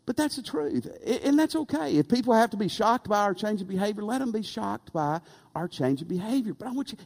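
A pastor preaching with lively, swooping intonation, pitched a touch high for a man. He throws rhetorical questions and "amen?" at the congregation. A long reverb from the church hall trails every phrase. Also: vocal fry. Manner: animated, rhetorical, calls for amen. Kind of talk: sermon.

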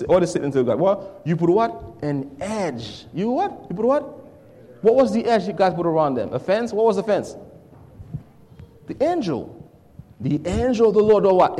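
A man preaching a call-and-response sermon, asking the congregation to finish his sentences and swinging between hushed lines and shouts. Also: sits high, big-room sound. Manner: asks the congregation to fill in words, swings from soft to shouting.

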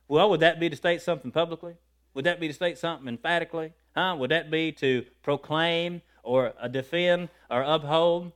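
Preaching a sermon, a man addresses his congregation, poses questions to them, and bursts into loud shouts of praise. His voice is a little high, smooth, and fairly quick.

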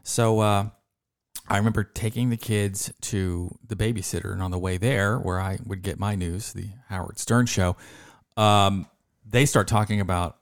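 A man's voice: lowish voice, moderate pace, no room sound, studio quality. A man hosting a podcast, telling a story in a casual way and acting out the voices of the people in it. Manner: lively storyteller who acts out quoted voices. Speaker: podcast host.

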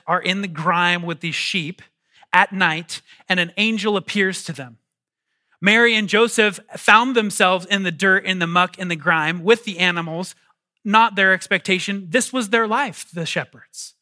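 A male pastor preaching a sermon with animated emphasis, reading scripture and calling on the congregation to answer back. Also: high voice.

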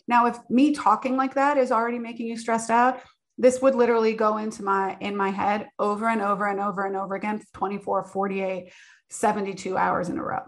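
A woman in her forties, a business owner, giving personal advice in an earnest, conversational way. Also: medium pitch. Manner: earnest, conversational, with many filler "like"s.

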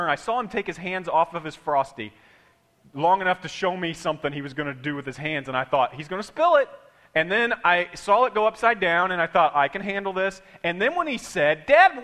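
High bright-voiced male preacher. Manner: animated storytelling, acting out quotes. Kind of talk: sermon.

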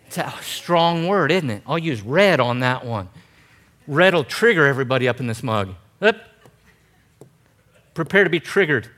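A pastor in his forties delivers a sermon in a slightly higher voice for a man. He is animated, jumps into quoted voices and slips in self-deprecating jokes. The sound is that of a church sanctuary. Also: normal speed, long pauses. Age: 40s. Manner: self-deprecating, joking asides.

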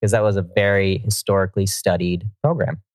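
A man's voice: low voice, steady tone, fairly quick, no room sound. A man co-hosting a casual podcast chat, joking with playful asides. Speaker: podcast co-host.

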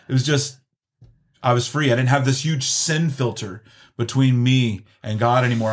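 A middle-aged man giving an earnest, halting personal testimony, full of restarts. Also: mid-range voice. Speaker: guest sharing testimony.

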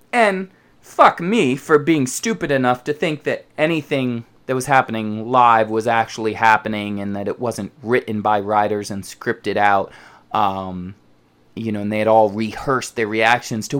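A man's voice: mid-range voice, a little slow. A man hosting a football podcast, ranting casually and profanely, sometimes mocking how other people talk. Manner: profane, animated, mocks others' voices. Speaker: podcast host.

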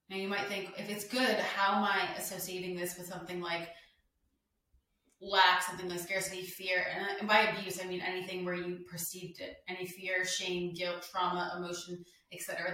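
A woman's voice: on the low side, bright, forceful tone, heavy reverb, recorded from a distance, rough recording. A young woman hosting a solo wellness podcast, talking casually and emphatically with lots of "like" fillers. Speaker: podcast host.

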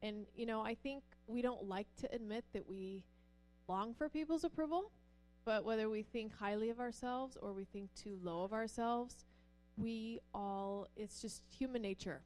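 Middle-aged woman, pastor's wife, animated storyteller, higher voice, faint music underneath. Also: moderate pace. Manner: animated, acts out quoted voices with rising pitch. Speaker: pastor's wife speaking at church. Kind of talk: personal storytelling to an audience.

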